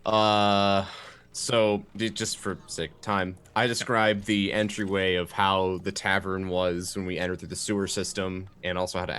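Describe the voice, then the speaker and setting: A man's voice: sits low, fairly bright tone, clear, resonant tone. A man playing a tabletop game, talking in an easygoing, somewhat hesitant way. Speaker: player. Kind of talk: casual tabletop play.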